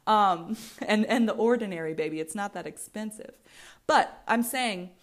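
An American woman in her twenties from the United States hosts a solo podcast, speaking candidly and ramblingly in a mid-range voice at a moderate pace. She swears freely and often restarts her sentences.

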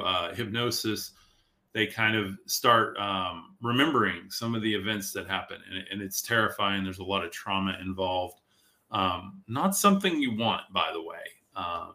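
A man with a fairly low, pushed, bright voice hosts a casual livestream from a tablet, rambling and reading viewer chat aloud like a podcast host. His voice is worn out from talking all day, and he's losing it.

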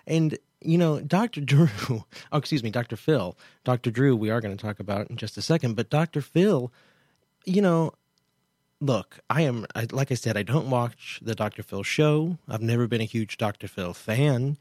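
A man's voice: medium pitch, animated, normal speed, a little mellow, dry recording. Chatty incredulous man, dry sound. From Kansas, US. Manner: chatty, incredulous, frequent asides. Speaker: show host. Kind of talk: casual commentary.

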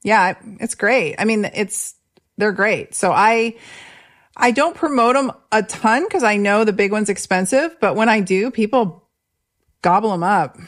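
A middle-aged woman hosting a podcast, telling stories in a chatty, animated way with many restarts. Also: medium pitch, a little slow. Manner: chatty, animated storyteller with frequent restarts and laughs. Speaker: podcast host. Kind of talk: casual conversational interview.

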